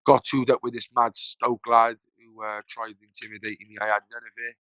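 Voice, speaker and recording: A man's voice: mid-range voice, level tone, brisk, pushed and bright, smooth, dry recording, low-quality recording. A man from Cardiff with a Welsh accent, a podcast guest talking through his past in a rambling, casual way, full of fillers and swearing. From Cardiff, Wales. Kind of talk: casual storytelling.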